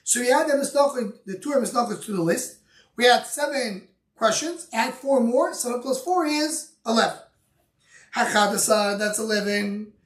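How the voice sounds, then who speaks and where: A man's voice: extremely high pitch, normal speed, fairly bright tone. A man teaching a Talmud lesson, reading Aramaic lines and explaining them in English, often restarting his sentences. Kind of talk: Talmud study lecture. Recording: echoey room, voice from far off.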